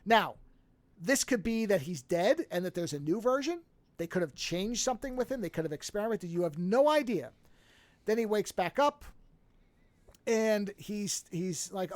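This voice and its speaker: A podcast co-host in casual chat, retelling a film at length with quick asides. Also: medium pitch, lively intonation, a little mellow, no room sound.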